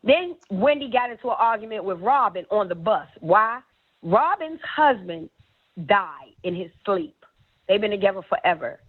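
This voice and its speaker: A woman's voice: medium pitch, normal speed. A woman telling gossip stories in casual, profane chat, acting out what others said. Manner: animated, profane, acts out quotes. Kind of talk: casual storytelling. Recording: tinny phone-like line.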